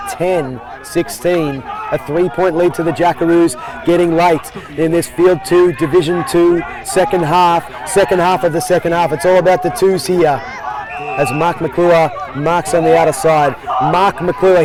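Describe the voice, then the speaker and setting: A man calling an Aussie Rules match as play-by-play commentator, jokey and excitable, working outdoors at the ground. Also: fairly high pitch, rough recording. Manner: jokey, excitable, repeats "I'll tell you what". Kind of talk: sports commentary. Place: outdoor sports field. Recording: crowd noise behind outdoor commentary.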